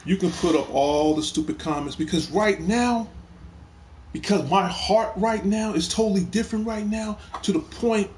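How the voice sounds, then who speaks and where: On a casual live stream, a middle-aged man hosting a gaming talk show speaks with emphasis, repeating phrases as he gets heated at a troll. His voice is high-pitched and a little mellow, with slight background noise.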